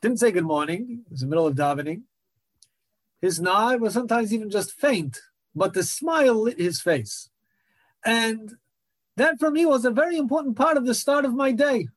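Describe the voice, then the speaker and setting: Earnest high-voiced man teaching Torah. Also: animated, moderate pace, no echo. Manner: earnest, repeats phrases for emphasis. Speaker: rabbi teaching a class. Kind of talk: Torah lecture.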